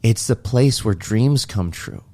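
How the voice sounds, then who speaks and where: A man's voice: lowish voice, expressive, unhurried, dark tone. Earnest man retelling a film scene. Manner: earnest, reflective storyteller acting out quoted lines. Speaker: podcast co-host. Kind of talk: casual podcast chat, retelling a film scene.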